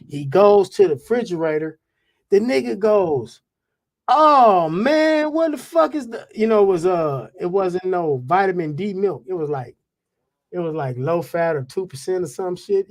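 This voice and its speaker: A man guest on a podcast telling animated stories in heavy profane slang. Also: high voice. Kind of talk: casual storytelling.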